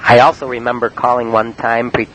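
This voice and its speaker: A man from Cleveland telling about his prank calls in a halting, rambling monologue full of uh and um. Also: mid-range voice, completely flat delivery, a bit bright, low-quality recording. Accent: Cleveland, Ohio. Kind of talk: rambling spoken-word monologue. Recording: faint hiss on an old cassette tape.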